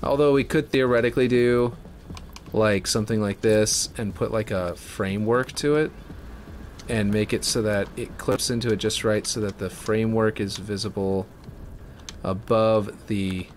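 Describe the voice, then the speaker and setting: A man giving casual, rambling commentary as he builds a game map, thinking out loud and correcting himself as he goes. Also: fairly low pitch, steady tone, normal speed, a little hiss or hum.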